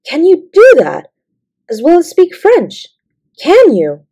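A woman voicing a shy, slow schoolgirl full of awe in a storybook reading, speaking hesitantly. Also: on the low side, sing-song, darkish tone, breathy edge, exaggerated voice. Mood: amazed. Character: shy, slow, plump schoolgirl, easily awed.

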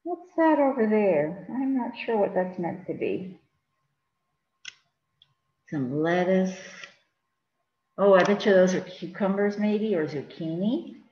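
A woman's voice: medium pitch, slow, long pauses, slight background noise. A woman reads a picture book aloud to young children, and her voice rises and falls a lot. She chats along and keeps asking the little listeners questions. The room echoes and the sound is a little dull. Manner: animated, chatty, asks children questions. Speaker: children's librarian. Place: in front of a green screen.

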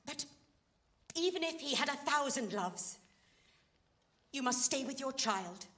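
A woman's voice: high voice, expressive, measured pace, fairly bright tone. An actress playing a fallen society woman who pleads urgently and with passion in a stage play scene. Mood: pleading. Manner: impassioned, pleading.

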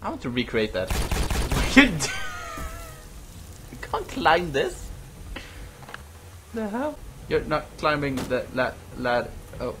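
Excitable young man, swinging pitch. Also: takes it slowly, pauses often. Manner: excitable, swearing, teasing his teammate. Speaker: let's play host. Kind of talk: casual gaming commentary. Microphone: webcam mic. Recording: noisy low-quality webcam audio.

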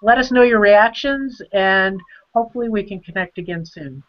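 Older nun on a dull video call. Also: female voice, medium pitch. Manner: earnest, reads poetry slowly and solemnly. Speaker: nun and author. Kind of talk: video call book discussion.

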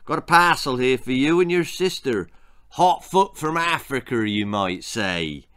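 A man's voice: medium pitch, lively intonation, a little slow, fairly bright tone, clean tone, no room sound, studio quality. A man voicing a jolly adult postman in a storybook reading, chummy and pleased with his own jokes. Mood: jovial.

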